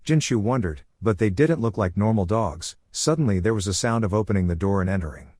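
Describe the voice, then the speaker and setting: A man narrating a comic recap in brisk, plain storytelling. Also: lowish voice, lively intonation, a little mellow, no echo, clean studio sound.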